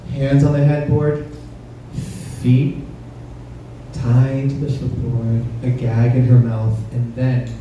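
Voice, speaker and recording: A man performs a stand-up set on stage, teasing the crowd in a punchy, conversational way. His medium-pitched voice stays fairly level and unhurried, and the lo-fi recording sounds roomy and distant, like a club, with faint noise.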